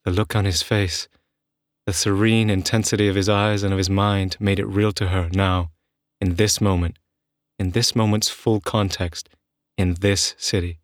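A man narrating fiction aloud in an earnest, measured way. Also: deep voice, little pitch movement, no echo, clean studio sound.

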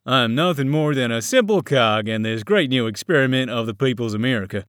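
A man voicing a genteel, calculating official who speaks in a measured, formal way. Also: medium pitch, expressive, dry recording, clean studio sound, close to an everyday voice. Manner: measured, soft-spoken, formal.

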